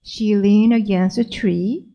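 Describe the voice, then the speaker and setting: A woman minister telling a story slowly and gently in a sermon. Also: medium pitch, fairly even intonation, gravelly, low-quality recording.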